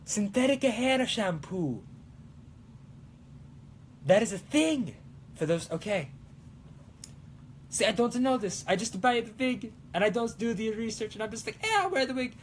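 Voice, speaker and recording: Young male cosplay-show host, high-pitched, playing up a silly mock Italian accent while chatting loosely. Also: lively intonation, measured pace, long pauses, a little hiss or hum. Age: young adult. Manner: hammy put-on Italian accent; goofy, rambling, self-mocking. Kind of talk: casual livestream chat, reading comments.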